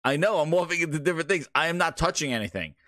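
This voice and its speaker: Flustered and laughing as his audio keeps failing, a gaming live-stream host rambles through casual chat into his home streaming microphone. He talks rapid-fire in a sharp, fairly high voice with lively intonation.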